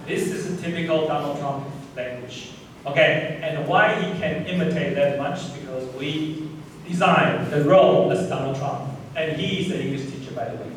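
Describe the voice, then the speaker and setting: A man's voice: fairly high pitch, normal speed. Man lecturing in a big echoey hall. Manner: explains step by step, says "okay" constantly. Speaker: professor giving a plenary talk. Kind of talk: live conference lecture demo. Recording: echoey hall mic from far off, faint noise.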